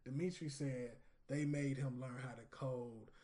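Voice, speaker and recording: A man co-hosting a podcast, talking in a steady, measured way as he explains his point. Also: mid-range voice. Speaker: podcast co-host. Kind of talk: casual chat.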